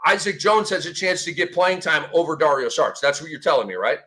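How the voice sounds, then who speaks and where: Man, podcast host, casual chat, excitable, exclamations, bright tone. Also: fairly high pitch, quick pace. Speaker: show host.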